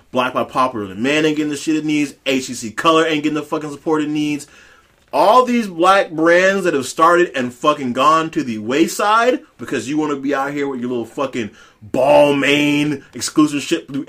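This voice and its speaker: Bright-voiced man ranting heatedly. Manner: loud, heated, swings between growls and high yells. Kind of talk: profane ranting commentary.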